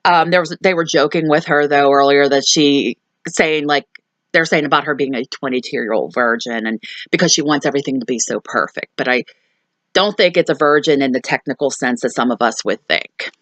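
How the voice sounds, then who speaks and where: A woman with a low-pitched voice talks through a film's plot in a loose, chatty way, full of "um" and "like". Her voice sounds dry and close, with no room around it. She hosts a movie review channel. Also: fairly quick, a bit bright, no room sound. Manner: chatty, lots of fillers and asides. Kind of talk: casual movie recap.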